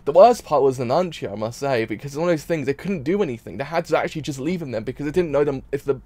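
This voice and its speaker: A man's voice: medium pitch, lively intonation, rapid-fire, darkish tone, no room sound. A man reacting to an anime episode in a casual stream, rambling and repeating himself while crying. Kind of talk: emotional casual reaction talk.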